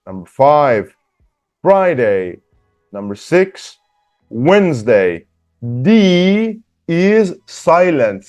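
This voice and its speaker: A patient male teacher walking beginners through a workbook, talking slowly and repeating words. His voice rises and falls a lot, and soft music plays underneath. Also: mid-range voice, sing-song. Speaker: English teacher. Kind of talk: slow workbook lesson for beginners.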